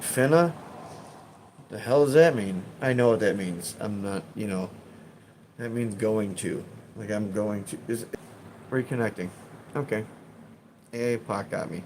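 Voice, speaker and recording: A man's voice: on the low side, vocal fry, a little mellow, slight background noise. A man with a Chicago accent, chatting casually on a live stream and reading comments in a rambling, profane way with frequent laughs. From Chicago, USA.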